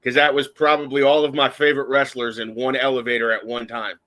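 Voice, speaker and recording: A man's voice: medium pitch, little pitch movement, brisk, sharp tone. A man co-hosting a podcast in casual chat, dropping blunt, profane comments.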